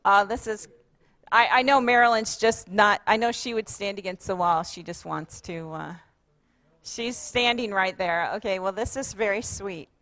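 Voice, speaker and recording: A woman pastor preaches at normal speed in a mid-range voice, with no echo on the recording. In the church sanctuary she's warm and encouraging, leading the congregation in repeated chanted affirmations.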